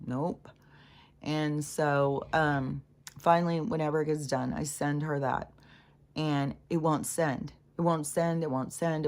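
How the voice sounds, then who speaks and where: A middle-aged woman telling a candid, rambling personal story in a casual way, swearing freely. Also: low voice. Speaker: spiritual content creator.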